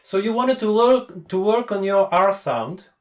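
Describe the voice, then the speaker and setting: A man's voice: high voice, lively intonation, a little slow. A man who is not a native English speaker, an English coach and host, talking bluntly and repeating his key points in a casual call. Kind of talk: casual video call chat.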